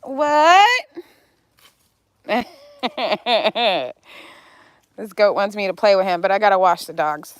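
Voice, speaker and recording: A woman's voice: mid-range voice, expressive, slow, pauses often, no echo. A woman live-streaming with her rescued animals, chatting casually and cooing baby talk at them.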